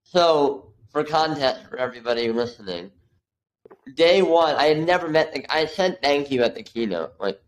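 Animated man telling a work story. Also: on the high side, moderate pace, low-quality recording. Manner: animated, acts out quotes, many fillers like "like". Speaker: guest, videographer. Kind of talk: casual storytelling in a podcast interview.

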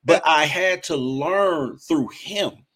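A man's voice: fairly high pitch, slow, a bit bright. Man, forties, interview host, earnest, preacherly, repeats words. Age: 40s. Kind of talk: casual interview chat.

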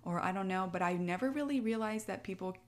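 In a fast, mid-range voice, a young woman rambles through a casual, heartfelt chat, tearful and emotional and full of fillers. She is a military spouse and a podcast co-host.

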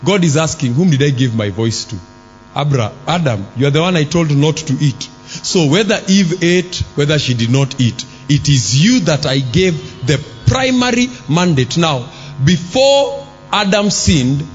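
A man preaching a sermon in church. He fires rhetorical questions at the congregation and breaks into shouts. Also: fairly high pitch, animated, unhurried, highs cut off. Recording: long hall reverb with faint music.

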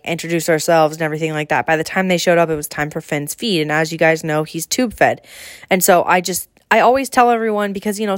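A woman's voice: lowish voice, no room sound, clean studio sound. A woman co-hosting a casual podcast chat, telling stories with exasperated asides. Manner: chatty storytelling, exasperated asides. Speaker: podcast co-host.

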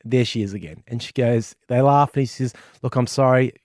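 Lively Australian podcast co-host, dry close sound, mid pitch. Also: male voice, fairly quick, dry recording. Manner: lively, hyped-up storyteller. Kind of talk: casual chat, joke telling.

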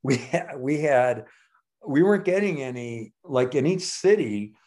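A man in his sixties telling stories as a guest in a casual conversation, animated and acting out the people in his anecdotes. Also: mid-range voice, measured pace. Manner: lively storyteller, acts out voices in anecdotes. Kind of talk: casual storytelling.

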